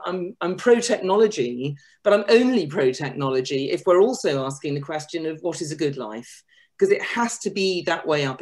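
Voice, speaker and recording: A woman author speaking on a webinar panel over a video call, animated and self-deprecating, often restarting her sentences. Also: fairly low pitch.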